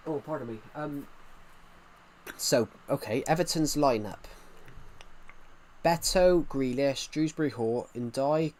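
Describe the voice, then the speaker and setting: A man's voice: fairly high pitch, takes it slowly, pauses often, bright, forceful tone, slight background noise. A man casually chatting while streaming a game, rambling and reacting to viewers' comments. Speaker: gaming streamer.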